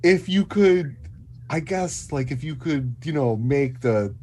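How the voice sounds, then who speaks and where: A man's voice: on the high side, lively intonation, takes it slowly, a little mellow, slight background noise. Rambling, joking man at a game table. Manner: rambling, joking, stumbles over words. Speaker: player. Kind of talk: casual tabletop play over a voice call.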